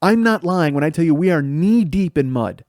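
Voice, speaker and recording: A man in his forties from Illinois hosts his own show, spinning a profane family story. He acts out the voices of his mother and brother as he goes. His voice sits a little high and sounds close and dry, with no room behind it. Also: expressive, moderate pace, darkish tone, no echo. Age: 40s. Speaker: podcast host. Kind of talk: storytelling monologue.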